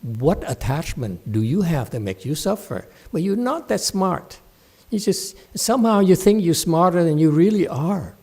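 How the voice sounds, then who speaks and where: A man's voice: fairly high pitch, big pitch swings, moderate pace, darkish tone. A man giving a Buddhist dharma talk at a temple, blunt and scolding, mocking his students' whining. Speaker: meditation teacher.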